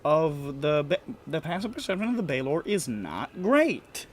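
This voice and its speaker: A man's voice: on the high side, sing-song, a little slow, a little hiss or hum. A man narrating as game master in a casual, swearing, laughing manner.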